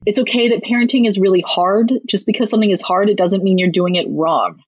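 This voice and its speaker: A guest parenting author and clinical social worker gives advice in a casual interview, animated and quick to act out parents' and kids' lines in brief asides. Her medium-pitched voice is husky and slightly breathy. The recording is dry and close with no echo, a touch dull and lo-fi.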